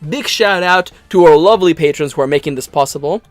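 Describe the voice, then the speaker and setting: A man's voice: a little high, fast talker, no echo, soft background music. A man co-hosting an anime reaction video in casual chat, joking and restarting his words. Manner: animated, jokey, stumbling restarts.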